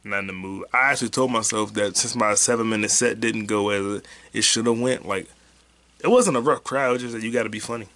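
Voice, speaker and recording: Low gravelly dude rambling on his own podcast, cussing a lot, gets loud and hyped out of nowhere. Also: a little fast. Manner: loose, profane, mumbling with sudden loud excited bursts. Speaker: podcast host and stand-up comic. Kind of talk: rambling solo podcast monologue.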